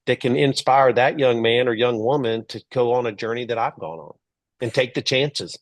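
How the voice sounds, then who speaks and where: A middle-aged man from Texas telling stories as a guest in an interview, lively, acting out the voices of people he quotes. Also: mid-range voice, moderate pace, no echo. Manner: animated storyteller, acts out quoted voices. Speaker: guest, entrepreneur and author. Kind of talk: storytelling interview.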